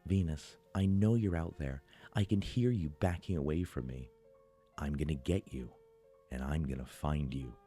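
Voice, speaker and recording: A man's voice: extremely low pitch, moderate pace, mellow, soft background music. A man voicing a creature that mimics a young woman's voice, coaxing and then taunting, in a horror story.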